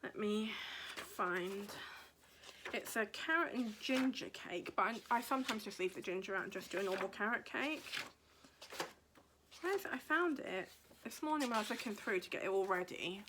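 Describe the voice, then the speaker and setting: A woman's voice: medium pitch, brisk, background noise. A woman chatting casually as a craft podcast host, rambling and thinking aloud as she leafs through a book, dropping to a murmur now and then. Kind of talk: casual chat.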